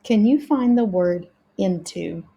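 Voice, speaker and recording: A woman teaching a reading lesson to young learners, sounding out words slowly and carefully. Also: medium pitch, creaky, dark tone, breathy edge, muffled recording.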